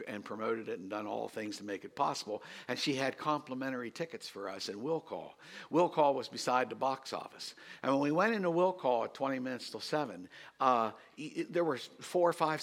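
A middle-aged man, a pastor, telling a story in a sermon and swinging from quiet asides to loud emphasis. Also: medium pitch, creaky.

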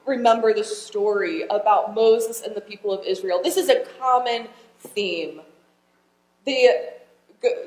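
Woman pastor preaching in an echoey hall. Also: a little high. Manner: conversational, asks the congregation questions. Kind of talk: sermon.

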